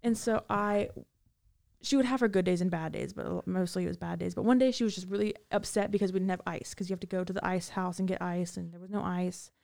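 Woman guest, vocal fry, rambling storyteller with lots of fillers. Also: on the low side, fairly even intonation, fast, a little mellow. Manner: rambling, many fillers and restarts. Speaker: guest recounting prison time. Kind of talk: casual storytelling.

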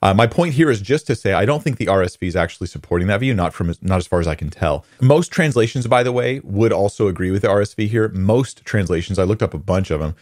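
Earnest, low-voiced male Bible teacher. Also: expressive, fast talker, hardly any pauses, a little mellow, no room sound, clean studio sound. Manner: earnest, conversational, with fillers and restarts. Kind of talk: teaching lecture with screen slides.

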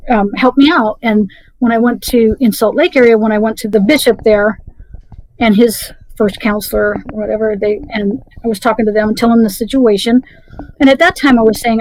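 A middle-aged woman telling her personal story as an interview guest, halting and full of restarts. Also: on the high side, fairly even intonation, a little mellow, rough recording. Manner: halting, many restarts and fillers.

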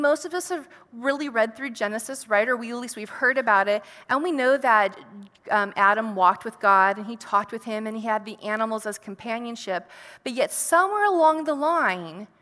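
A woman delivers an earnest, reflective sermon in a bright, forward voice pitched a little high. Her words ring out with a long reverb in a hall. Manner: earnest, reflective, asks rhetorical questions. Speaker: preacher.

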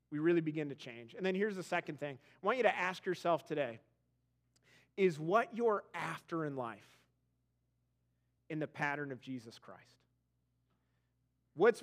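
A man's voice: sits high, a bit bright. A man preaching a sermon as pastor, conversational and self-deprecating, moving into an earnest prayer.

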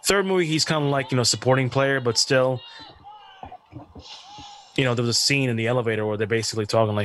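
A man co-hosting a casual movie podcast, animated and tripping over words now and then. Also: quick pace, pauses often, a little hiss or hum. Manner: animated, lively pitch swings, trips over words. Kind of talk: casual chat.

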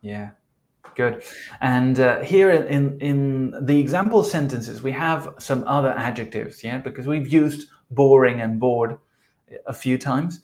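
A man's voice: mid-range voice, unhurried, darkish tone. A man with a South American Spanish accent, a native Spanish speaker, patiently explaining grammar as a co-host of a podcast lesson. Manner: patient explaining, chuckles at slips. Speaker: English teacher, podcast co-host.

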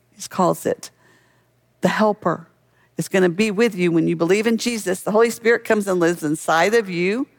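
A man's voice: high voice, gravelly. A man preaching a sermon as a pastor, in a conversational way that keeps asking the listeners questions.

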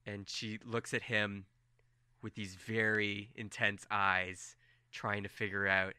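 A man's voice: fairly low pitch, little pitch movement, slow pace, sharp tone, smooth, dry recording, studio quality. A man narrating a tabletop game as game master in a loose, casual storytelling manner.

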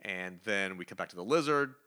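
A man co-hosting a comic book podcast, retelling stories with lively, acted-out character lines. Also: low-pitched, fairly quick, clean tone. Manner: animated storyteller, acts out characters' lines. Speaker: podcast co-host. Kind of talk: casual comic book review chat.

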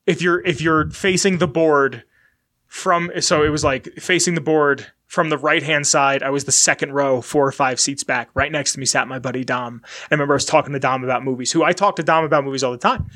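A man's voice: on the high side, steady tone, a little fast, fairly bright tone. A man in his twenties hosting a podcast, chatting candidly in a rambling, casually profane way. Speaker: podcast host. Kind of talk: casual chat.

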